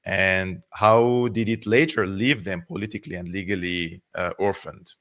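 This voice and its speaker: A man hosting a live-streamed interview, his voice hoarse and worn out. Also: low-pitched, fairly even intonation, moderate pace, a bit bright. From Syria. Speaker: host.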